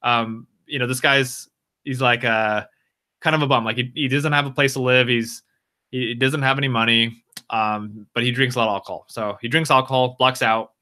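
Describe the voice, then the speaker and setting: A man casually improvising a story on a live stream, halting and repeating words with frequent fillers. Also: medium pitch, fairly even intonation, bright, forceful tone.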